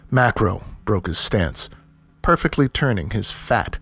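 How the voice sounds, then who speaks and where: A man narrating a gritty audiobook story in an even, measured way. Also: fairly low pitch, breathy edge, dry recording.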